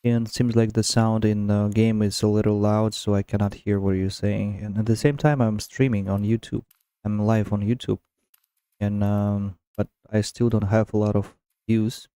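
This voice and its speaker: Flat-voiced man with a Russian accent. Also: on the low side, clean tone, dry recording. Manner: halting, searching for words in a second language. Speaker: streamer. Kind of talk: casual chat with a voice assistant while gaming.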